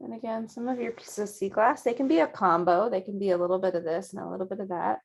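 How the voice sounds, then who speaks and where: A woman teaching a virtual painting class, guiding students gently step by step at a close mic. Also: mid-range voice, fast, gravelly. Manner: gentle, encouraging step-by-step guidance. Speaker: painting instructor.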